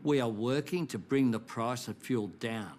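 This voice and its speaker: A middle-aged Australian man delivering a formal, measured televised address, reassuring in tone. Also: medium pitch, a little mellow, a little hiss or hum. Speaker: national political leader.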